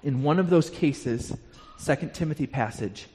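A man's voice: on the high side, normal speed, darkish tone. A man teaching a Bible class, explaining passages to his listeners and stumbling into repeated words as he restarts a thought. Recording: long hall reverb.

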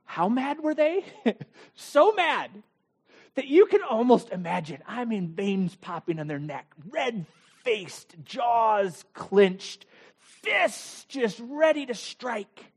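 A man preaching a sermon, telling the story dramatically with rhetorical questions and swings between loud bursts and quiet asides. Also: very high voice, lively intonation, slow, breathy edge. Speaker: pastor.

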